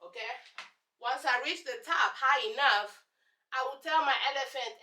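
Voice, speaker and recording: A young woman from Congo with a Congolese accent, a native Lingala speaker, telling sarcastic, animated stories to camera as a vlogger. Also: high-pitched, normal speed. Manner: sassy, sarcastic, animated storyteller. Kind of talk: casual storytelling to camera. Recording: echoey room, voice off-mic.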